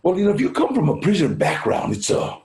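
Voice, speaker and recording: Talking fast in a high-ish, gravelly, darkish voice with huge pitch swings, an older man at a recovery fundraiser tells laid-back anecdotes as a guest speaker. He says "man" and "you know" a lot and plays out the characters, in a roomy-sounding space.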